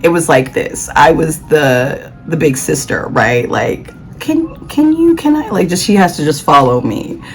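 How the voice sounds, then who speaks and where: A young adult woman telling a casual travel story in a chatty, animated way, full of slang and dramatic asides. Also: sits low, measured pace, hardly any pauses, poor audio. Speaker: vlogger.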